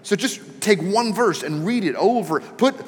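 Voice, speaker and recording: Joking preacher in a reverberant hall. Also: male voice, sits high, normal speed. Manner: animated, joking, rising to emphatic questions. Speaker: pastor. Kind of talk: sermon.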